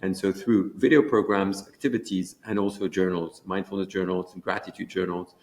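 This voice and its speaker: A fast, eager man talks about a program he built, often restarting his sentences. His voice sits a little low and carries a gravelly edge. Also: fairly even intonation, a little mellow. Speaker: education program creator. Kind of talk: conference interview chat.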